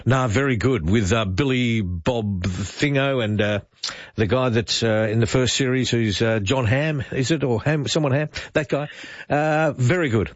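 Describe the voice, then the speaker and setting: A man's voice: mid-range voice, unhurried, dry recording. A man hosting a casual morning radio chat, rambling and fumbling for names as he talks. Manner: chatty, rambling, searches for names. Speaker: radio host. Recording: dull lo-fi radio broadcast.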